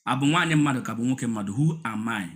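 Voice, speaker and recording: Fast, insistent Nigerian man in an echoey room. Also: mid-range voice, a bit bright. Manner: insistent, rhetorical, repeats questions. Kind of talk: heated live-room debate in Pidgin and Igbo mix.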